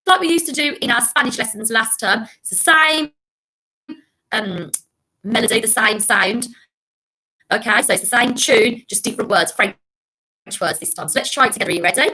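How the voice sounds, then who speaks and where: A young English woman teaching a recorded French lesson to primary school children, speaking slowly and encouragingly. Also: fairly high pitch, bright, forceful tone. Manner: slow, encouraging, sings simple tunes.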